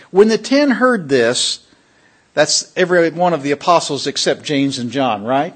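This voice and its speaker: Pastor guy preaching, kinda high voice, punchy, keeps asking the crowd stuff. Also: lively intonation, normal speed, breathy edge. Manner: emphatic preaching, asks the congregation questions. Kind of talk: sermon.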